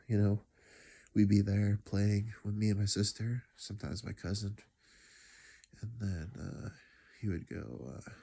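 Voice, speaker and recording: Grieving man with a gravelly, husky voice. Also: on the low side, warm tone. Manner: reflective, rambling, drops to near-whispers. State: grieving, sighing. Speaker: vlogger. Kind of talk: personal storytelling monologue.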